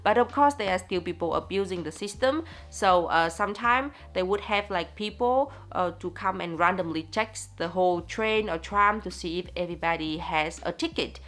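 A woman from Vietnam with a Vietnamese accent, talking casually in a vlog, chatty and lively and often laughing. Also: lowish voice, normal speed, few pauses. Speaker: vlogger.

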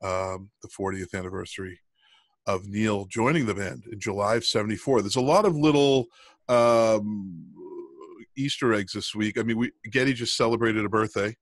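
A middle-aged man co-hosts a podcast in casual chat, rambling with many ums and restarts. His voice is fairly low and moderately paced, recorded with no echo.

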